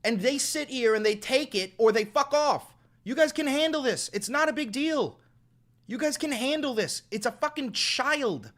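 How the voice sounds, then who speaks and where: A man's voice: very high-pitched, animated, normal speed, fairly bright tone. A man live streaming, scolding his chat in a profane, exasperated rant.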